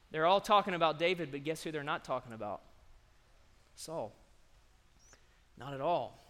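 A man preaching a sermon, telling the story conversationally with sudden surges in loudness. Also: fairly high pitch, lively intonation, normal speed, long pauses, in a large hall. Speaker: pastor.

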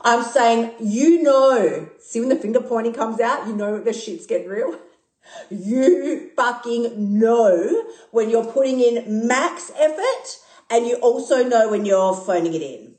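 An Australian woman talks straight into her phone, blunt and profane, full of animated self-mockery. Her voice sits a little high. The room around her rings with a roomy echo. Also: a little slow. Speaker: podcast host and emotional eating coach. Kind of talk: casual live-stream monologue. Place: recorded live on a phone stream. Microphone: phone mic.

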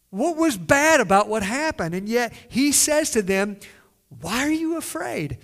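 A man's voice: very high-pitched, big pitch swings, a little slow, fairly bright tone. A man preaching a sermon in a conversational way, asking the listeners questions and acting out quoted lines. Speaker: pastor.

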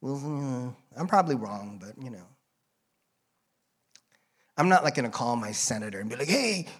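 With a breathy edge to his animated, mid-range voice, a guest preacher addresses the congregation at a moderate pace. His sermon is casual and rambling, full of jokes and detours.

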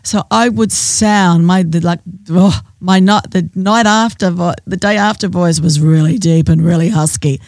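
A woman host, chatting in an animated, casual way in an interview and swearing freely. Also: on the low side, normal speed, hardly any pauses, no echo.

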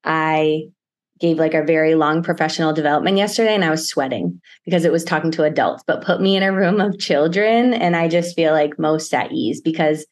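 A woman in her thirties speaks as a school counselor guest, explaining things calmly and with care. Her voice sits somewhat low for a woman. She answers in a casual, conversational way. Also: fairly quick. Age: 30s.

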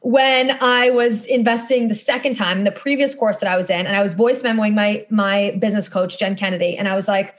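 A woman's voice: medium pitch, fairly quick, hardly any pauses. A woman in her thirties hosting a casual podcast monologue, talking bluntly and emphatically, with casual swearing. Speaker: podcast host and course coach.

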